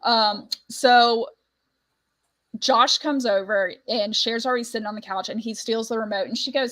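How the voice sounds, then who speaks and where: A woman's voice: medium pitch, fairly even intonation, normal speed, fairly bright tone, low-quality recording. A woman hosting a book club podcast in casual chat, laughing often as she quotes film lines. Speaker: parent.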